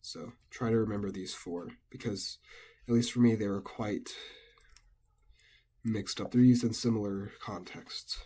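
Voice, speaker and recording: Low, husky-voiced man teaching pitch accent. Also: fairly even intonation, measured pace, warm tone. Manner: casual, methodical, with fillers. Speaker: language teacher. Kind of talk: explaining Japanese pitch accent.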